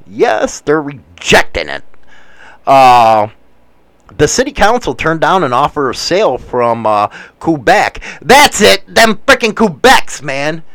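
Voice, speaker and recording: A man hosts a loose, casual live show, jumping between the news and crude, wisecracking rants. His voice is smooth and clear and sits a bit high. The sound is dry and close. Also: very animated, unhurried, a bit bright, no room sound. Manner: rambling, profane, wisecracking. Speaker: show host reading the news.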